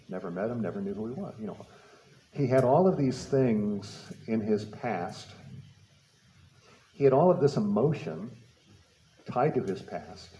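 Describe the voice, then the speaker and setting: A man's voice: lowish voice, warm tone, roomy sound, slight background noise, poor audio. A man giving a public talk, telling a personal story with repeated words and light laughter. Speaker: speaker. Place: talk venue.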